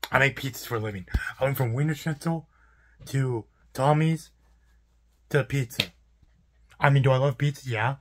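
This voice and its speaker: A young man in a profane, exasperated vlog rant about his fast food job, repeating himself as he vents. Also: mid-range voice, fairly bright tone, a little hiss or hum. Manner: exasperated, profane, repetitive ranting. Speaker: fast food worker ranting.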